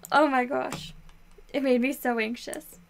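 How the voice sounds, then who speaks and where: A woman's voice: high voice, steady tone, measured pace, slight background noise. A young woman vlogger chatting casually about books she read, with many "like" fillers. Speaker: book vlogger. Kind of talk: casual book review chat.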